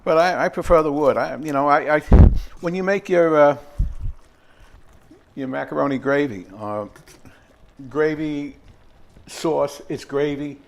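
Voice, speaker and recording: Demonstrating a recipe at home, the older host speaks a little high and a little slow, with vocal fry and frequent pauses. It's a casual, rambling cooking chat packed with fillers and asides, against slight background noise.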